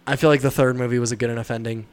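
A man's voice: mid-range voice, fairly even intonation, rapid-fire. Casual rambling man chatting about movies. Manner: rambling, laughing, mimics voices in quotes.

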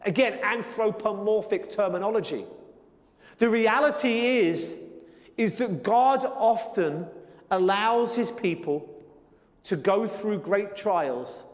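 Male pastor, sermon, high voice, earnest, shifting pace for emphasis, long hall reverb. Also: animated, slow. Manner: earnest, varies pace for emphasis, slips into playful voices for quotes.

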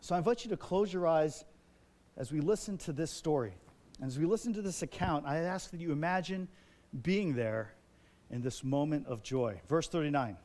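High-voiced animated male pastor. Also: normal speed. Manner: animated storytelling, grows loud and excited. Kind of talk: sermon. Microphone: wears a microphone.

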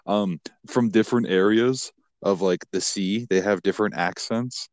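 Low-voiced man in crude casual banter. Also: normal speed, a little mellow, no echo. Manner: laughs often, rambling with many fillers. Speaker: podcast co-host.

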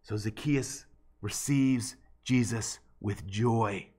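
A man's voice: on the low side, takes it slowly, a little mellow, slightly rough. A man preaching an expository sermon, earnest and emphatic, often restarting and repeating words.

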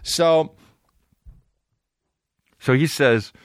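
A man's voice: on the high side, extremely slow, no echo, clean studio sound. A man hosting a podcast, telling a rambling comic story full of swearing and restarts. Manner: profane, animated, rambling storyteller. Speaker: podcast host. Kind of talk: comedic storytelling.

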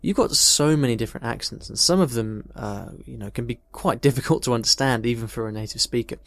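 A man's voice: mid-range voice, fast talker, gravelly, a bit bright, dry recording. A man talks through a language question like an English teacher, thoughtful and conversational, with personal stories along the way. His voice sits in a middle register. The sound is close and dry, with no room around it. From United Kingdom. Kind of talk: casual explanatory talk answering a question.

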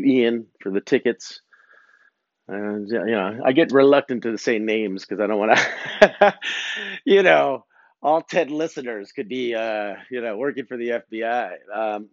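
A man's voice: mid-range voice, no room sound. A man hosting a podcast, telling a long casual story in a rambling, slangy way, laughing between phrases. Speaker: podcast host. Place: home property, outdoors break. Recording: dull, dry lo-fi recording.

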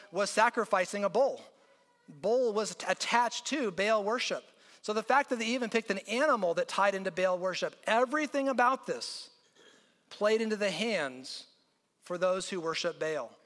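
A man's voice: high-pitched, bright, forceful tone. A man preaching a conversational sermon as pastor, mixing jokes with readings from scripture. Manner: conversational and joking, reads scripture aloud. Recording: long hall reverb.

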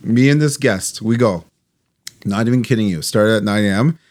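A young man co-hosting a podcast tells a long story in casual chat, speaking at a moderate pace in a lowish voice. He's an animated storyteller who acts out what people said.

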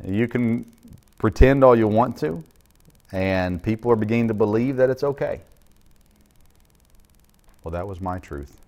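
A man's voice: on the low side, measured pace, long pauses, darkish tone, dull audio. A middle-aged man, a pastor, preaching a sermon in a conversational way, with frequent fillers and restarts.

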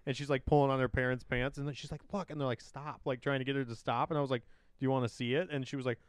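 A man's voice: mid-range voice, steady tone, very fast, clear, resonant tone, no echo. Rambling, laughing man in his late twenties. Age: late 20s. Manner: laughing, rambling with many fillers. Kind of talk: casual chat.

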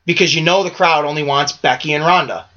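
A man co-hosting a podcast in casual wrestling chat, rambling and animated, swearing freely. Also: a little high, quick pace, dull audio. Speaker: podcast co-host.

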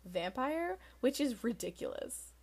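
A woman's voice: high voice, very animated, measured pace, a little mellow, husky. A young woman co-hosting a podcast, chatting casually about a book with exasperated, sarcastic comments. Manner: exasperated, sarcastic, laughs often. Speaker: podcast co-host. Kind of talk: casual book-discussion chat.

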